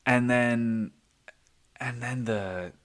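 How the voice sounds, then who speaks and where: A male podcast host rambles through a wild story in a loose, casual monologue. He swears at every turn and tags nearly every phrase with "dude." His voice sits at an ordinary middle pitch and gets animated as the story heats up. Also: very slow. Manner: profane and excitable, says "dude" constantly.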